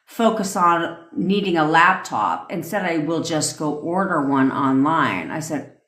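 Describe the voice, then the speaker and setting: A woman's voice: sits low, lively intonation, a little slow, fairly bright tone, echoey room. A woman manifestation coach ranting sarcastically and profanely on a phone live stream. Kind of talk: TikTok live rant.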